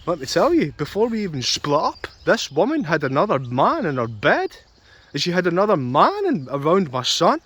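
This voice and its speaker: A man's voice: fairly high pitch, huge pitch swings, moderate pace, fairly bright tone, husky. A young man ranting angrily and repetitively about a custody dispute, swearing often. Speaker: vlogger. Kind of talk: angry personal rant.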